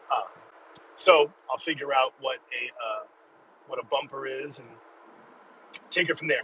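A middle-aged man hosting a casual solo podcast from inside his car, rambling and self-deprecating, excitable in his talk. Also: medium pitch, far from the mic, muffled recording, noisy background. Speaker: podcast host.

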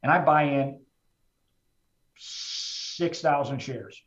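A middle-aged man with a fairly high voice tells his own story candidly, plain-spoken and heartfelt, with casual restarts. The sound is roomy and somewhat dull, as if recorded in an echoing space. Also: drawn-out words, fairly bright tone. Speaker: trader speaking as a guest. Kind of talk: candid personal storytelling in a conversation.

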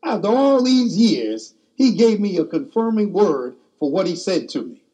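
Husky folksy preacher man. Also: high-pitched, very animated, a little slow, mellow. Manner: folksy, colloquial storytelling. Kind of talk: storytelling sermon.

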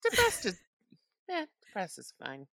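A woman co-hosting a podcast in casual chat, talking haltingly with lots of fillers and jokes. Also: mid-range voice, huge pitch swings, a bit bright, no echo, studio quality. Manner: halting, filler-heavy, joking. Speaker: podcast co-host.

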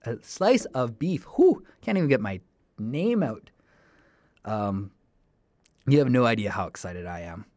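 A man's voice: lowish voice, sing-song, measured pace, long pauses, darkish tone, no echo, studio quality. A young man, a broadcasting student hosting a casual solo podcast. He talks enthusiastically and rambles. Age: young adult.

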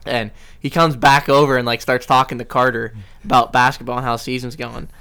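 A young man co-hosting a podcast, telling a story in a relaxed, teasing way among friends. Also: mid-range voice, a little fast, gravelly, clean tone. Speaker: podcast co-host. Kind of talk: casual chat.

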